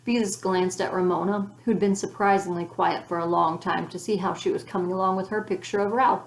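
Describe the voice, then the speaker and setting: Woman narrating a kids story, calm and even, echoey room. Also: mid-range voice, brisk. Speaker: audiobook reader. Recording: roomy echo.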